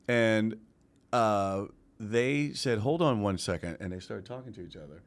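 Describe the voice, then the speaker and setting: A man's voice: on the low side, expressive, a little slow. Playful man telling stories. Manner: playful, storytelling, laughs often. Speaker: guest, Broadway actor. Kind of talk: casual interview chat.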